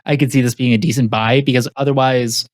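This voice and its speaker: A man hosting a casual tech podcast, talking in quick runs with restarts and fillers. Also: medium pitch, steady tone, dry recording. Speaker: podcast host.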